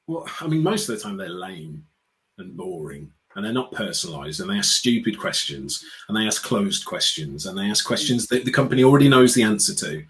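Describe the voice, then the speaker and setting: A man's voice: on the low side, big pitch swings, fairly quick, a bit bright, low-quality recording. Sarcastic outspoken British man. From United Kingdom. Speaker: guest, customer experience speaker. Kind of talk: casual interview chat.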